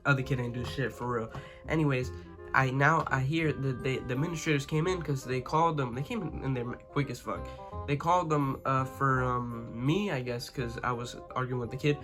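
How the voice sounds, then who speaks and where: A young man tells a story about school in a loose, rambling way, swearing freely and checking in with his listeners. His voice sits at an ordinary middle pitch for a man. A soft guitar track plays faintly behind him. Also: normal speed. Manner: rambling, profane, full of "you know what I'm saying". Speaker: vlogger. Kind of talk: casual storytime.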